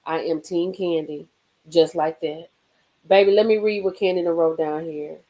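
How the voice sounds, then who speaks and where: A woman hosting a casual live stream from a car, reading gossip aloud and reacting with sudden high exclamations and low murmurs. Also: normal speed, poor audio. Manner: animated, swings into high exclaims and drops to murmurs.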